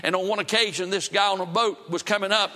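A man's voice: sits high, fairly even intonation, fast talker, bright, forceful tone, in a large hall. A man preaching a fervent revival sermon, with emphatic bursts and repeated phrases. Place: church building before a congregation.

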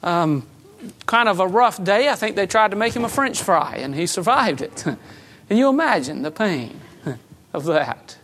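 A woman preaching a sermon in a conversational way, with light humor and emphatic swings between loud and soft. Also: mid-range voice, big pitch swings, a little slow.

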